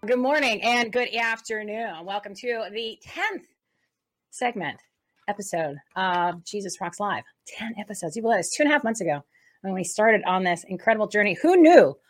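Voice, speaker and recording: A woman co-hosting a faith talk show, opening the episode in a rambling, excitable way with many restarts. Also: mid-range voice, normal speed. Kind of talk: casual spoken introduction.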